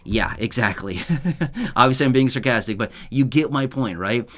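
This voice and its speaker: A man's voice: mid-range voice, moderate pace, a bit bright. A man hosting his own channel, explaining payment dates in a chatty way, with sarcastic asides and frequent tag questions. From United States. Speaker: channel host. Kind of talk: casual explainer monologue.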